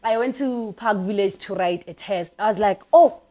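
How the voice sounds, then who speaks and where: A woman's voice: medium pitch, moderate pace, a little mellow. A young woman with a South African accent, a content creator guest telling stories animatedly in a casual podcast interview and laughing often. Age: young adult.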